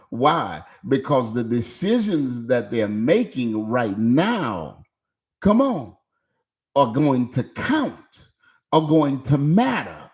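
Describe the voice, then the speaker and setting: A middle-aged man preaches an energetic sermon. His pitch swings widely and keeps things lively. He stresses his points hard and turns to the congregation with questions. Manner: emphatic and animated, asks the congregation questions. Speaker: pastor. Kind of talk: energetic sermon with call-and-response. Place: church sanctuary.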